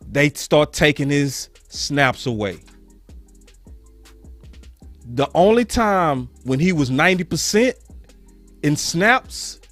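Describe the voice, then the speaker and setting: A man from Dallas hosting a sports talk show, ranting passionately and cursing freely. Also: medium pitch. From Dallas, Texas.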